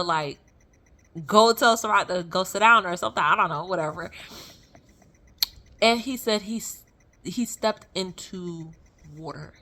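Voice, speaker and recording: Bright-voiced woman telling a story. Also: on the low side. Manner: animated, chatty, full of fillers, laughs while telling. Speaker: vlogger sharing a testimony. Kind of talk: casual storytelling.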